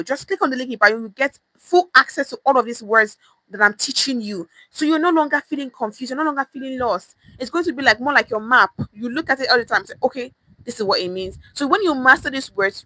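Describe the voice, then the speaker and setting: A woman's voice: on the high side, sharp tone, no echo, rough recording. A woman teaching pidgin phrases on a live stream, emphatic and repetitive, often checking in with "okay?", at times out of breath. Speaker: pidgin language coach.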